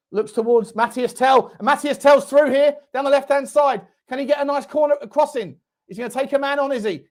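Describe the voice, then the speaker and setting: A young man hosting a live football watchalong, reacting loudly, swearing and shouting at the game. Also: very high-pitched. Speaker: fan channel host. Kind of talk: live match watchalong commentary.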